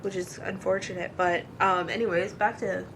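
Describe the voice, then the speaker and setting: A woman's voice: mid-range voice, fairly even intonation, normal speed, vocal fry, fairly bright tone, a little hiss or hum, poor audio. A woman co-hosting a casual podcast chat, teasing her partner and giving blunt opinions. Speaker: podcast co-host.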